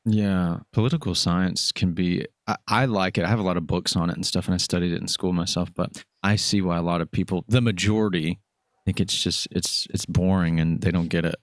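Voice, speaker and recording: A man hosting a casual interview who asks relaxed, direct questions. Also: low-pitched, a little fast, no room sound, studio quality. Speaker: podcast host.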